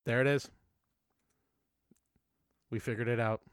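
A man's voice: medium pitch, steady tone, measured pace, clear, resonant tone, no room sound, studio quality. A man co-hosting a casual film podcast, recapping the plot and laughing often. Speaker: podcast co-host.

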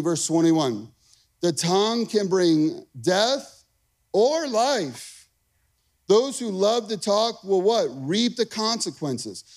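A man in his thirties, a pastor preaching a lively, conversational sermon, calling out to the congregation. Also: high voice. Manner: energetic, conversational preaching with call-and-response.

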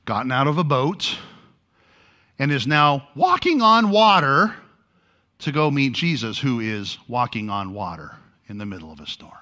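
A man preaching to a congregation, his voice bright and forward. His pitch leaps up and drops low as he tells the story, acting out each quoted line with feeling. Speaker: pastor. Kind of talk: sermon.

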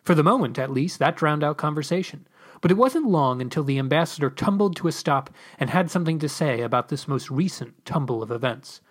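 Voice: mid-range voice, fairly quick. A podcast host reading their own story aloud. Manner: animated narration.

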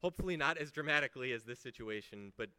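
A man's voice: mid-range voice, expressive, fast, pushed and bright, clean tone, no echo. A man giving a sermon as a pastor, talking conversationally with emphasis and rhetorical questions.

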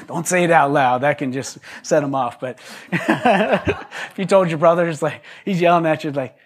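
A man's voice: on the high side, moderate pace. Chuckling man preaching a casual sermon. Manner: joking asides, chuckles, frequent restarts. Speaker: pastor. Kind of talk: conversational sermon.

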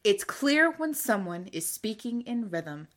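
A woman's voice: fairly high pitch, big pitch swings, measured pace. A woman co-hosting a casual book podcast, explaining things eagerly and laughing often. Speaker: podcast co-host. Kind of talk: casual book-club chat.

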